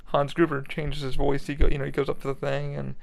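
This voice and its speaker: A young man podcasting solo from his bedroom, with a gravelly voice that sits a touch high. He rambles loosely, swears freely and laughs at his own asides. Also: monotone, fast. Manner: rambling, profane, laughs often. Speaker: podcast host. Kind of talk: casual solo chat. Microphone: laptop recording.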